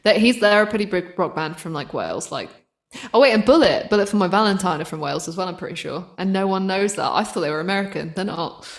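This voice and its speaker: A woman's voice: lowish voice, lively intonation, fast talker. A young woman from the South of England with a Southern English accent, chatting casually as a podcast guest and laughing often. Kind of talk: casual chat.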